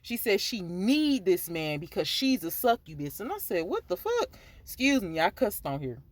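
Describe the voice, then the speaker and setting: A woman's voice: fairly low pitch, sing-song, normal speed, dry recording. Candid woman with a dry close sound. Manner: candid and conversational, full of asides like "you feel me". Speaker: podcast host giving dating advice to men. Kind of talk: casual advice talk.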